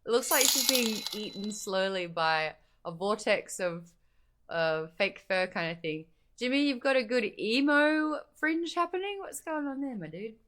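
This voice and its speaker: A woman's voice: medium pitch, expressive, a little slow, fairly bright tone. A tired Australian woman hosting a book club live stream, chatting playfully and thanking viewers by name. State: tired, sleepy. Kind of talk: casual live stream chat.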